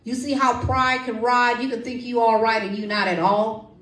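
Lively woman preaching in an echoey church. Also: on the high side, normal speed, recorded from a distance. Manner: lively, call-and-response, folksy. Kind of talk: sermon with testimony and prayer. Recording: echoey room, voice from off-mic.

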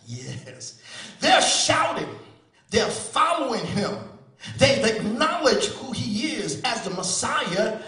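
High-voiced preaching man, slow and echoey. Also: distant mic. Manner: repetitive singsong preaching cadence; swings between loud calls and quiet teaching. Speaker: pastor. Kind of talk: sermon.

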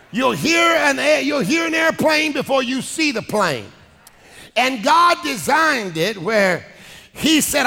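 High gravelly-voiced preacher shouting and singing. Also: male voice. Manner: preaching in shouts and sung cadences, calling out to the congregation. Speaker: pastor. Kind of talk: sermon. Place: large church hall with congregation. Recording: echoing hall with music and crowd.

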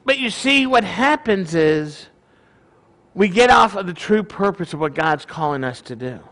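A man, a rabbi, giving a sermon in a conversational, animated storytelling way. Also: high-pitched, unhurried.

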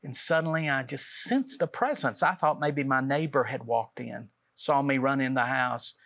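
Man, talk show guest, earnest testimony, acts out quoted lines, mid pitch. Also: normal speed, fairly bright tone. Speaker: guest author.

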